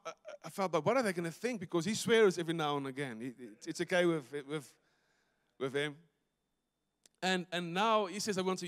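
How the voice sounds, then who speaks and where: A South African man preaching a sermon as a pastor, telling a story animatedly, acting out the dialogue and breaking into laughter. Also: high-pitched. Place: church stage. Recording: long church hall reverb.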